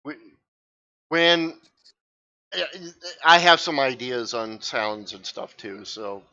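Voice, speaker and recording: A man's voice: mid-range voice, animated, slow pace, pushed and bright, highs cut off. A man in charge as game master, chatting casually and rambling with restarts during an online session.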